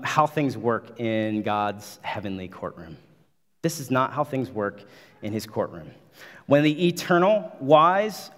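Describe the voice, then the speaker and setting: A man's voice: a little high, fairly bright tone, long reverb tail. A man preaching a sermon as pastor, emphatic, repeating phrases and building intensity.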